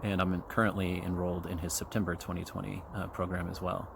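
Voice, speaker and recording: Low, gravelly forties man from Kansas City, rambling casual podcast host, profane and full of fillers, faint trail noise behind. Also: flat delivery, fast talker. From Kansas City, USA. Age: 40s. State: chewing gum. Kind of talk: casual solo podcast monologue. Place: outdoors on a trail. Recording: faint outdoor background noise.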